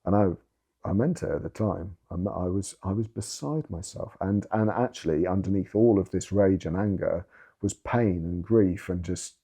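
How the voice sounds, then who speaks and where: A man's voice: deep voice, moderate pace, warm tone, breathy edge. A man, giving candid personal testimony in an interview, earnest and emphatic, swearing for emphasis. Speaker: interviewee sharing his story.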